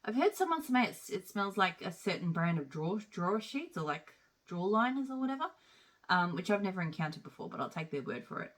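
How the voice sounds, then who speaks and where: Chatty lower-voiced woman. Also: sing-song, fast. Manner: chatty, rambling with frequent fillers. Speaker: wax melt reviewer. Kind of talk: casual product review chat.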